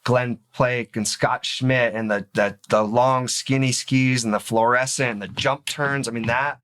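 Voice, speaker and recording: A man's voice: mid-range voice, fairly even intonation, unhurried, a bit bright, clear, resonant tone. A man hosting a podcast, asking questions eagerly and sharing his enthusiasm in casual conversation. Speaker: podcast host. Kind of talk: casual interview.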